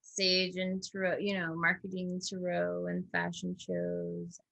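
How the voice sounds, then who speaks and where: A woman co-hosting a casual chat, chatty and quick to laugh along. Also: lowish voice, sing-song, vocal fry, fairly bright tone, dry recording, poor audio. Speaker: co-host.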